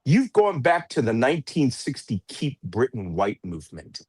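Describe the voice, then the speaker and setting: A man's voice: medium pitch, very animated, moderate pace, husky, no room sound. A man speaking as a political commentator guest in an interview, blunt and sarcastic, with mocking asides. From United States. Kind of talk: heated political interview talk.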